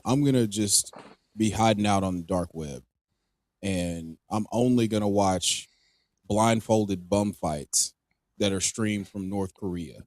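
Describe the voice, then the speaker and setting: Animated ranting man, dry sound. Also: fairly low pitch, dry recording. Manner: animated, ranting, swears freely. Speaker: podcast co-host. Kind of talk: casual fantasy football chat.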